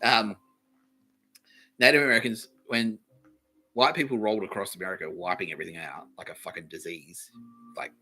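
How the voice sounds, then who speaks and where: A low-pitched man with a tense, forceful edge rambles through a comedy podcast monologue. He swears freely and breaks into laughter mid-sentence, loud and excitable. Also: fairly quick, long pauses, low-quality recording. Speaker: podcast host.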